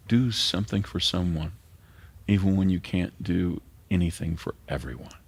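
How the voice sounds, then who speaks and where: Middle-aged male pastor, earnest sermon delivery, husky low voice with gravel. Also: moderate pace. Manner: earnest, drops to a hushed near-whisper at times.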